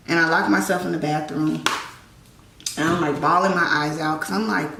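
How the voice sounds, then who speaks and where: Low gravelly woman telling a story. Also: steady tone, a little fast. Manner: chatty, frequent "like" and "you know". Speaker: vlogger. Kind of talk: casual storytelling. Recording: roomy echo, distant mic, faint noise.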